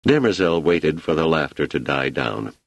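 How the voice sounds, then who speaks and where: Deep-voiced man reading a novel aloud. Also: very animated, normal speed, vocal fry, no echo. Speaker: audiobook narrator. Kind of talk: scripted narration.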